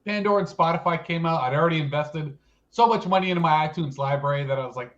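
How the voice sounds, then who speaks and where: A man's voice: fairly high pitch, quick pace, fairly bright tone, lo-fi sound. A man co-hosting a casual chat show, telling stories in a chatty, self-mocking way. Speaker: co-host.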